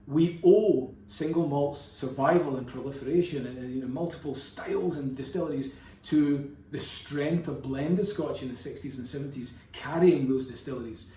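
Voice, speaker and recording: A man's voice: on the high side, warm tone. Casual guy rambling thru a lesson w jokey asides, echoey room. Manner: chatty, digressive, with playful asides. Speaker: whisky educator. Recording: roomy, distant from the mic.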